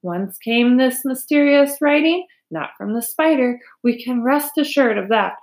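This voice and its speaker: Woman reading as a formal, speechifying man on a fair loudspeaker, for a storybook reading. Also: high voice, lively intonation, a little slow. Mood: grand. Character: pompous male fair announcer on loudspeaker.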